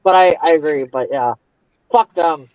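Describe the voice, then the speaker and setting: A woman hosting a casual group chat over a video call, loud, laughing and swearing freely. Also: low-pitched, normal speed, dry recording, highs cut off. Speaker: host.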